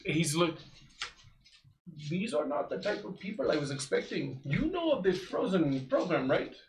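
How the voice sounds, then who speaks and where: A man's voice: high voice, very animated, moderate pace, roomy sound, distant mic, noisy background. A man running a tabletop role-play, speaking formally in character with many stalling fillers. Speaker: game master voicing a character.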